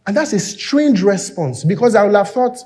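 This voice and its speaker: A man preaching a sermon in church, animated, acting out the people in the story in quoted voices. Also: high voice, normal speed. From Nigeria. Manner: animated, acts out biblical figures in quoted voices. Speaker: pastor. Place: church hall.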